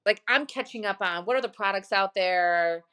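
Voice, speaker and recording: A woman's voice: medium pitch, moderate pace, pushed and bright, smooth. A woman who owns a glamping site, chatting in an interview and telling stories with many restarts. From Michigan, USA. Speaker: glamping site owner, guest. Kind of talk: casual interview chat.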